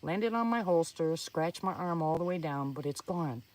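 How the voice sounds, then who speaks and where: A woman's voice: deep voice, lively intonation, moderate pace, a little mellow. Storyteller woman, earnest suspense reading, some distance from the mic. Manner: earnest, suspenseful telling with small slips and restarts. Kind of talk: reading a first-person story aloud.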